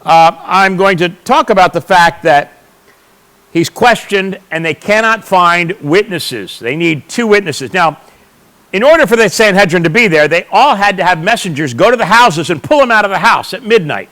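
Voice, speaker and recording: High-voiced man giving a church teaching. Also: expressive, normal speed, pushed and bright, rough recording. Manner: explanatory and emphatic, asks and answers his own questions. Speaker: Bible teacher.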